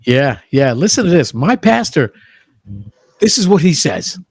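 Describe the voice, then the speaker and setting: A man's voice: on the high side, big pitch swings, measured pace, husky, no echo, studio quality. A man in casual podcast chat, telling stories and acting out quotes with enthusiasm. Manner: storytelling, acts out quotes with a lot of enthusiasm.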